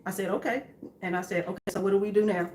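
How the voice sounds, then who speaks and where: A young woman telling her story to her husband in a calm, matter-of-fact way, with many fillers. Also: medium pitch, quick pace, roomy sound, a little hiss or hum. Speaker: co-host, wife. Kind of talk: candid conversation with her husband.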